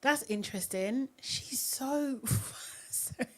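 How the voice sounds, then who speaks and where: Woman, young, higher voice, slow easy delivery, giggly, chatty live host. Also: fairly bright tone. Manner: giggly, chatty, reads viewer comments aloud. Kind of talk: casual live recap chat.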